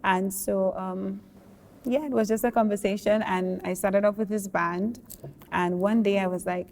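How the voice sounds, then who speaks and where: A young adult woman, a singer, talking in a relaxed, thoughtful way during an interview and laughing often. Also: medium pitch, moderate pace. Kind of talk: casual interview talk. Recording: long hall reverb.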